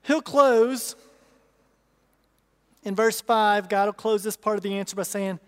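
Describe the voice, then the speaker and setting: A man with a strikingly high voice delivers an emphatic sermon, repeating key phrases and asking his listeners rhetorical questions. His voice rings out with the long reverb of a large church hall. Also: unhurried, long pauses, fairly bright tone, smooth. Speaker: pastor.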